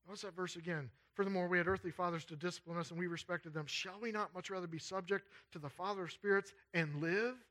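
A man preaching a sermon, reading scripture aloud and then applying it, swinging between loud urgent emphasis and quiet low asides. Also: fast talker, hardly any pauses.

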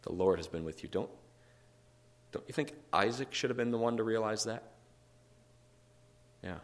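A man teaches a Bible study in a relaxed, conversational way, reading scripture passages and stopping to explain them. His voice sits on the lower side. He leans on key words with emphatic asides. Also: normal speed.

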